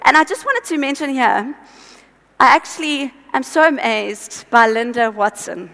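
Woman, high voice, conversational sermon, earnest and exhorting, voice tiring, long hall reverb. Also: expressive, moderate pace, gravelly, pushed and bright. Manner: earnest, exhorting, chatty asides. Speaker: preacher.

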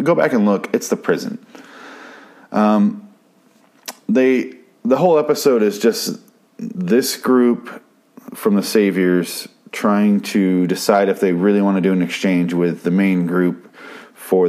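A man's voice: low-pitched, a little mellow. A man casually recapping a TV episode, rambling and swearing freely with frequent restarts.

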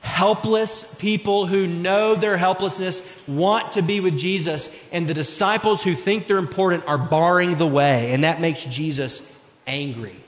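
A pastor in his thirties preaches an earnest, conversational sermon a little slowly, his voice a bit higher than most men's. The echoey church sanctuary leaves a long, roomy reverb trailing each phrase.

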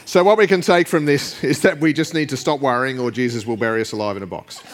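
A man's voice: medium pitch, fast talker, a little hiss or hum. Chuckling, casual male preacher. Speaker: pastor. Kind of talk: sermon.

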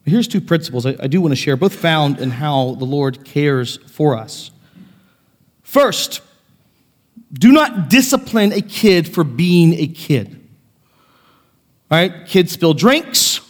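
A male pastor delivers an earnest sermon, his fairly high voice rising and falling in wide swings between soft reflection and raised passion. The sanctuary lends a long, lingering reverb. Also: animated, slow, long pauses. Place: church sanctuary.

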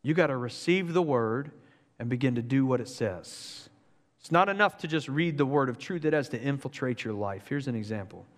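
A man preaching a sermon in an energetic, joking, conversational way. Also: mid-range voice, moderate pace, big-room sound. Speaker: pastor.

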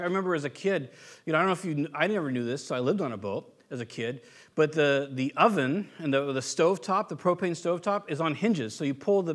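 A man from the United States preaches in a loose, conversational way, circling back and restarting his sentences as he tells stories. His voice sits a little higher than most men's. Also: a bit bright. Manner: conversational storytelling with frequent restarts. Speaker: pastor. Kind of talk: sermon.

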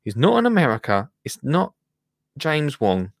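A man's voice: fairly high pitch, wildly swooping pitch, normal speed, gravelly, dry recording, clean studio sound. Chatty man hosting a livestream. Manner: chatty, laughs often, mutters and trails off while using the computer. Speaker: livestream host. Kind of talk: casual live-stream chat.

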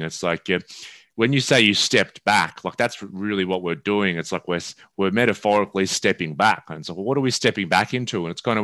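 Reflective male podcast host, bright tone. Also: deep voice, clear, resonant tone, no echo. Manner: reflective, talks in metaphors, restarts often. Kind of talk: casual podcast conversation.

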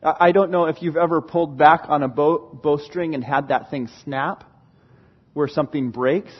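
High-voiced husky preacher man. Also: normal speed, lo-fi sound. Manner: animated, laughing, acting out quoted voices. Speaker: pastor. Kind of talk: sermon.

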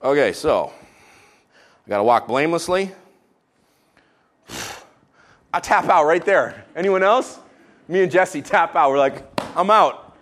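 Animated preaching man, higher voice. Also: slow pace, pauses often. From Israel. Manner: animated, jokey preaching with sudden quiet drops. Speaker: pastor. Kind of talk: sermon.

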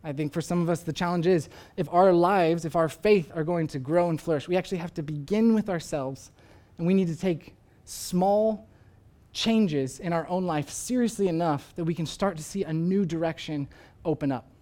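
Young dad preaching in a chatty way. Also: male voice, a little high, moderate pace, darkish tone. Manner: conversational storytelling, uses "like" often. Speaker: pastor. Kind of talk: sermon.

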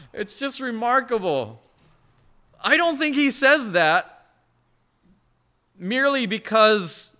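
A man preaching a sermon as pastor, earnest and conversational, swinging from hushed to emphatic. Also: high-pitched. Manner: conversational asides with short laughs.

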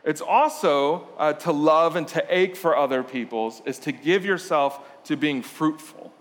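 A man preaches a sermon in a relaxed, conversational tone, slipping into playful storytelling. His voice sits a little on the high side. Long reverb from a church hall trails every phrase. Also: a little slow. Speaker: pastor.

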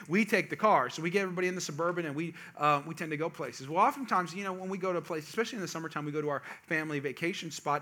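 A man telling a humorous family story to a live audience, with chatty asides to the crowd. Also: a little high. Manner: animated, jokey asides to the audience; quick, chatty, self-interrupting. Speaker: speaker addressing a live audience.

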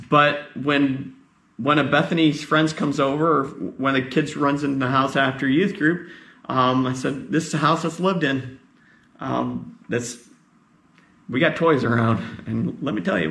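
A man's voice: mid-range voice, creaky, a bit bright, reverberant. A male pastor giving a conversational sermon, tired, often asking his congregation questions.

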